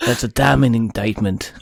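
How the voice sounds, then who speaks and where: A man's voice: medium pitch, gravelly, slightly rough, no echo. A man hosting a podcast interview, teasing his guests and laughing often as he rambles. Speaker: podcast host.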